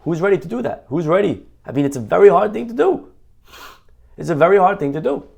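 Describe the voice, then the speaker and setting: A rabbi delivers a lively sermon in a slightly raised male voice. He acts out the people in his stories, swinging between loud, quick bursts and quieter asides. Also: high-pitched, creaky, husky. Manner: animated preaching, acting out voices of others. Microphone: online class mic.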